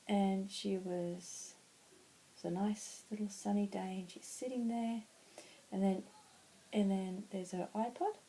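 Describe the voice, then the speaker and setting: A woman narrating a children's story she makes up as she goes, in a halting way. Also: mid-range voice, mellow, slight background noise, rough recording.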